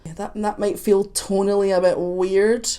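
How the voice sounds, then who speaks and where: A woman's voice: medium pitch, little pitch movement, dark tone, smooth. Chatty woman vocal coach reacting. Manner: analytical, breaks off to sing snippets; chatty, quick asides. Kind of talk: reaction video commentary.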